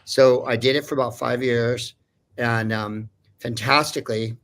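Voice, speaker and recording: Male voice actor as a chatty guest, rambling through a story, full of fillers, mid-pitched. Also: fairly even intonation, measured pace, fairly bright tone. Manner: rambling, digressive, many fillers. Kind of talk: casual anecdote telling.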